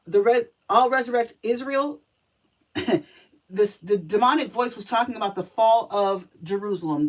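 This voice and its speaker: Chatty lady doing a spirit reading vid, emphatic, keeps asking okay?, mid voice. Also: mid-range voice. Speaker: spiritual reader. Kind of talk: casual spiritual reading video.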